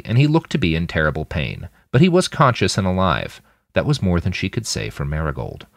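A male audiobook narrator with a somewhat low voice, telling a violent thriller in expressive, dramatic narration. His pitch rises and falls widely, and the recording is close and dry. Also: creaky, no room sound. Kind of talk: scripted narration.

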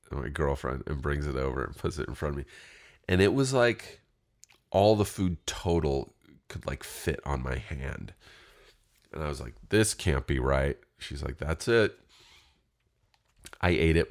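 A middle-aged man casually telling a story, animated and profane, acting out both sides of his phone calls. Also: rumbling low.

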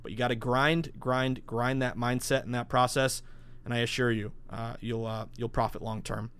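A man in his thirties hosting a sports betting podcast alone, talking in a hyped, salesy rush with sudden loud bursts. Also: mid-range voice, steady tone, clean tone. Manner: hyped, salesy, rapid-fire with bursts of shouting. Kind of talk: solo podcast monologue.

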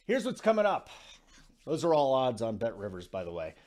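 A man hosting a sports betting radio show, talking casually with quick asides and self-deprecating jokes. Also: mid-range voice, huge pitch swings, noisy background.

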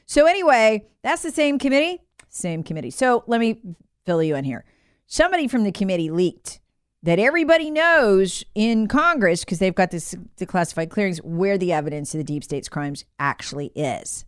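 A woman's voice: mid-range voice, sing-song, brisk, smooth, dry recording, clean studio sound. A woman hosting a political commentary show, talking in a sarcastic, opinionated way. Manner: sarcastic, mocks figures in put-on voices.

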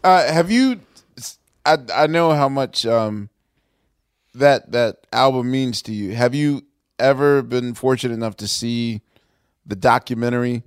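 Brief: American man, casual host, mid pitch, hesitant while recalling, dry. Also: measured pace, clean tone, no echo. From United States. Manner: conversational, hesitant fillers when recalling details. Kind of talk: casual chat.

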